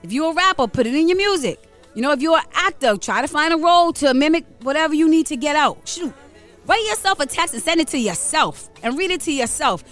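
Fiery high-voiced woman in her forties. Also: animated, fast, fairly bright tone, soft background music. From Rhode Island, USA. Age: 40s. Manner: blunt, preachy, fiery. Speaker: radio co-host. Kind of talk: casual radio chat.

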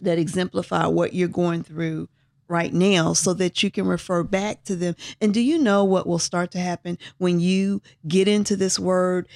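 A woman's voice: on the low side, little pitch movement, normal speed, creaky, a little mellow, no echo, studio quality. A woman co-hosting a devotional talk, encouraging and affirming as she urges listeners to read scripture. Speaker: co-host.

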